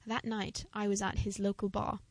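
Young woman chatting about tv, gravelly and a bit husky, says quite a lot, dry close sound. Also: medium pitch, little pitch movement, normal speed. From England. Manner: chatty, upbeat, frequent "um" and "quite". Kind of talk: casual chat about TV shows.

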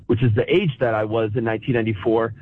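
A man's voice: mid-range voice, flat delivery, racing. A man in his thirties from Montreal, talking about his team with emotion, often stumbling over his words, calling himself a pessimist. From Montreal, Canada. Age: 30s. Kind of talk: casual chat. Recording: tinny phone line.

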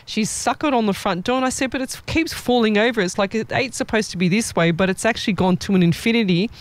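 A woman's voice: medium pitch, quick pace, no room sound. A woman psychic medium chatting casually and acting out the people in her stories. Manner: lively storyteller acting out quoted people. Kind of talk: casual chat.

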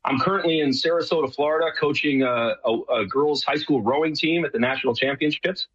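A man's voice: on the high side, a little fast, a bit bright, slightly rough, muffled recording. A middle-aged man from New York, a guest talking earnestly in a rambling way, often restarting his sentences. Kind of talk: casual remote interview.

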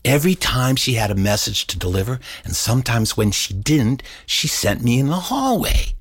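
A middle-aged man telling a story in an animated way, acting out voices and sound effects. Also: medium pitch, moderate pace, breathy edge, no room sound, clean studio sound. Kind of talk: storytelling performance.

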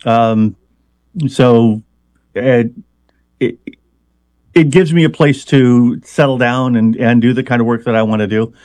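A man's voice: mid-range voice, steady tone, a little slow, long pauses, a little mellow, no room sound. Hesitant, explaining man, dry close sound. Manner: hesitant, many fillers and restarts, explanatory. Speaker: hypnotist, interview guest. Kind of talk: conversational interview.

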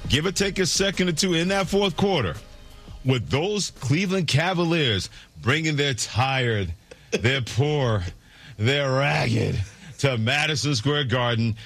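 A man's voice: mid-range voice, a bit bright, dry recording. A man hosting sports talk radio, delivering a sarcastic, theatrical monologue with mock-preaching flourishes.

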